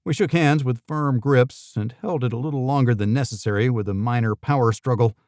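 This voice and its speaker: A man's voice: mid-range voice, fairly quick, darkish tone, no room sound. A man narrating a first-person thriller audiobook in a dry, wry manner.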